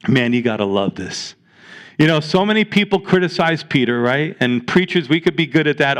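A pastor with a New York accent delivers a sermon in a loose, conversational way. His voice sits high for a man, and he often stumbles over and repeats words as he builds each point. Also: big pitch swings, moderate pace, fairly bright tone. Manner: conversational preaching, frequent restarts and repeated words.

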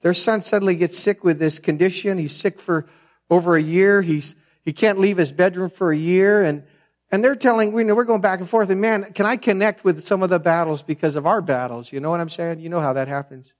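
A middle-aged man preaches in a casual, storytelling sermon style. He drifts into side points and keeps calling his listeners "man". His voice sits a little on the high side. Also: a little fast. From France. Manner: chatty, digressive, says "man" a lot. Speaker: pastor.

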